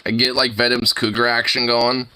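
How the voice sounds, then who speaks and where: A man's voice: mid-range voice, little pitch movement, normal speed, sharp tone, smooth, no room sound. A young man casually reacting to videos, rambling, laughing and swearing freely as he watches.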